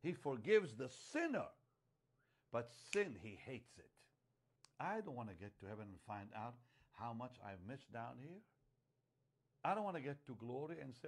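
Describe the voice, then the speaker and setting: Slow, emphatic male preacher. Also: mid-range voice, sing-song, creaky. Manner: emphatic, repeats phrases, swings from hushed to loud. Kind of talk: sermon.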